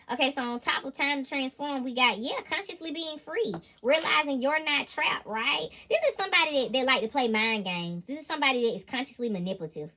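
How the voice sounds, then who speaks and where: A woman giving a tarot reading, talking in an animated, emphatic, slangy way and laughing often. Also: high voice, fairly quick, hardly any pauses. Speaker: intuitive tarot reader.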